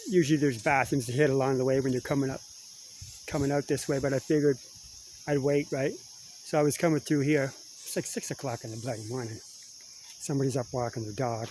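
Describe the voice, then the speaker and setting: A man's voice: mid-range voice, a little mellow, a little hiss or hum, poor audio. A middle-aged man with a Canadian accent, from Kingston, Ontario, chatting casually and saying "eh" while walking through a wooded patch, filming on a handheld camera. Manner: chatty, laughs often, says "eh". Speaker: vlogger. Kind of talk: casual rambling vlog.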